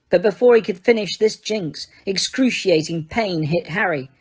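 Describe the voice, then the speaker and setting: A woman reading a fantasy novel aloud as an audiobook, in steady, dramatic storytelling. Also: on the low side, a little slow, breathy edge. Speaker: audiobook reader. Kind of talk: audiobook narration.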